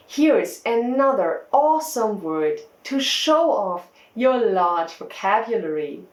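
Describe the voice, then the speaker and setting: A woman teacher narrates a scripted lesson at an unhurried, careful pace. Her pitch rises and falls expressively as she stresses key words. The room around her sounds echoey. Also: darkish tone. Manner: clear, deliberate teaching delivery. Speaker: English test-prep teacher.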